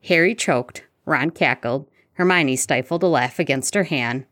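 A woman narrating a fan fiction audiobook in a steady storytelling manner. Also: deep voice, unhurried, no echo, studio quality.

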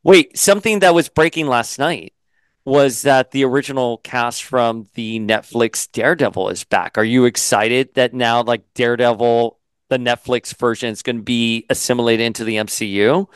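A male host chatting casually in an interview, lively and quick to mock characters in put-on voices. His voice is smooth and resonant, recorded close and dry. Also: medium pitch, no room sound. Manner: animated, swears, does mocking voices. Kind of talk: casual video-call interview.

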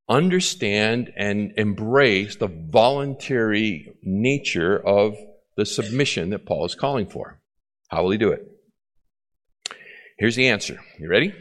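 Male pastor, lower voice, teaching sermon style, restates each point and checks for understanding. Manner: repeats key phrases, checks in with the congregation. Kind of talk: expository sermon.

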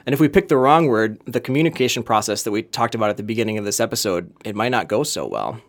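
A man from Minnesota co-hosting a podcast, explaining ideas in a relaxed, conversational way with frequent fillers. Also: on the low side, fast. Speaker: podcast co-host. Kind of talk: casual chat.

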